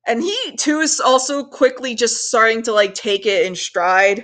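A woman co-hosting a casual chat, recapping a cartoon episode in an animated way, swearing and acting out characters' lines. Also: medium pitch. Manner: animated, swears, acts out lines in quick voices. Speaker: podcast co-host.

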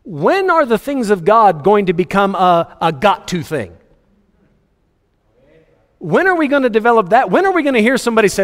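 A man preaching a sermon, reading scripture aloud and joking with the congregation in an animated way. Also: sits high, normal speed, long pauses. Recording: long hall reverb.

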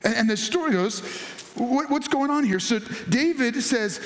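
A man's voice: very high-pitched, animated, moderate pace, echoey room. A man preaching a sermon, telling a scripture story in a conversational way and acting out the people in it. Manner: conversational storytelling with voiced asides. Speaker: pastor.

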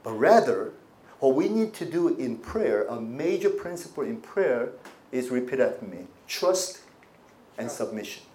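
A man preaching a sermon as pastor, with animated delivery and congregation call-and-response. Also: mid-range voice, measured pace.

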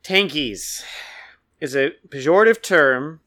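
A man's voice: fairly high pitch, expressive, slow, sharp tone. A man co-hosting a podcast with dry, teasing banter. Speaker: podcast co-host. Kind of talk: casual podcast chat.

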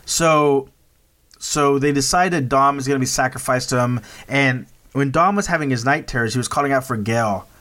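A man's voice: mid-range voice, moderate pace, fairly bright tone. A man hosting a podcast, casually recapping a horror film with many restarts and "right?" checks. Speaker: podcast host. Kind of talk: casual movie review chat.

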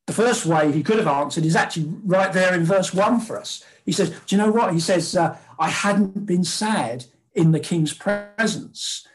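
A man's voice: high-pitched, moderate pace, hardly any pauses. A man preaching a sermon in a conversational way, with fillers and acted-out quotes.

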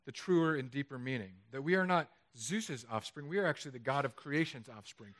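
A man preaching a sermon in a chapel, lively and conversational, with jokes. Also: high voice. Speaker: pastor.

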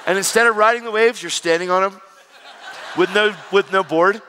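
A middle-aged man preaching his personal testimony in a conversational style, swinging between loud and hushed. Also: high-pitched, moderate pace, slight background noise. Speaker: evangelist. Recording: long reverb of a large hall.

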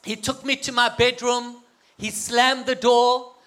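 A man's voice: very high-pitched, level tone, a little slow, pushed and bright. A man with a South African accent telling a humorous personal story to an audience, getting the crowd to call back. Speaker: guest speaker.

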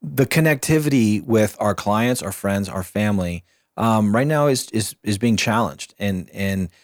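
A man co-hosting a studio show, talking through business advice in a thoughtful, rambling, motivational way. His voice is low and the sound is dry and close, with no echo. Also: lively intonation, a little slow. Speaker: co-host. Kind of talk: casual morning show chat.

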